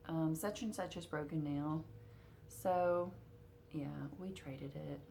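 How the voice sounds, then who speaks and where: A woman with a low voice chats casually to her camera at home, her talk full of fillers. She has the hiccups now and then. Faint noise hums under the recording. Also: fairly even intonation, takes it slowly, gravelly, dark tone. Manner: chatty, with frequent fillers. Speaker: cross-stitch vlogger.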